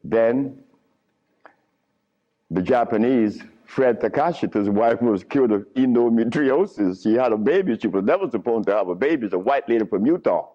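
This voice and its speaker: Animated man lecturing on a lo-fi tape. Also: medium pitch, normal speed. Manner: animated storytelling with frequent chuckles. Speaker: lecturer on herbal healing. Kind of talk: lecture to a live audience. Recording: lo-fi archival lecture recording.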